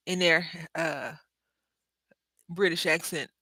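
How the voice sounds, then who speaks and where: A woman's voice: fairly low pitch, fairly even intonation, takes it slowly, pauses often, sharp tone, no echo. Chatty woman hosting a craft stream. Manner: chatty, rambling, self-correcting, addresses viewers as y'all. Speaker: craft livestream host. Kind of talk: casual craft livestream chat.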